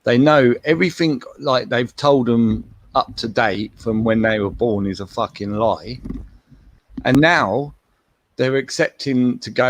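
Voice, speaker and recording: A man's voice: medium pitch, unhurried, no room sound. A man calling in to a live stream, chatting indignantly and swearing a lot. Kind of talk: casual sweary chat.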